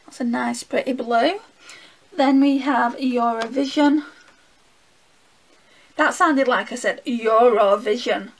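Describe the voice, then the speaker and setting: Slow, gravelly Northern English woman. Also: fairly high pitch, fairly even intonation, poor audio. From England. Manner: chatty, talking to herself while swatching. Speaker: beauty vlogger. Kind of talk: casual makeup swatch review.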